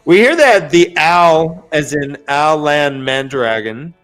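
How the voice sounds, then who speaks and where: A man's voice: on the high side, fairly bright tone, faint music behind. A man hosting a casual book podcast, playfully recapping chapters and acting out the scenes. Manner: playful recapper who acts out scenes in quick voices. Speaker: podcast host.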